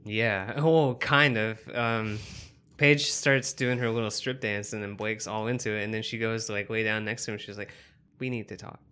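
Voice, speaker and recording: A man's voice: on the low side, steady tone, normal speed, sharp tone, clean tone. A man from the Southern United States with a mild Southern accent, co-hosting a casual chat about a film with easygoing, wry asides. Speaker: podcast co-host.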